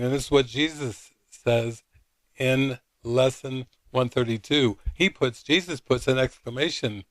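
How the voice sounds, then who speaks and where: At a retreat, a spiritual teacher with a mid-range voice tells a rambling, anecdotal story, retelling dialogue with lots of fillers. The recording has no echo.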